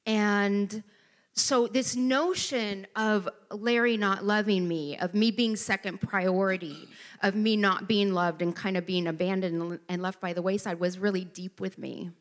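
A woman's voice: medium pitch, fairly even intonation, unhurried. A middle-aged woman giving a personal testimony at a church gathering, telling her story with animation and acting out the voices she quotes.

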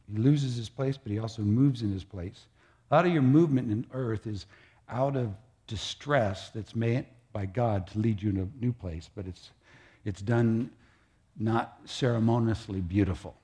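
A man's voice: mid-range voice, moderate pace, mellow. A man preaching a conversational, humorous sermon, talking easily and acting out scenes.

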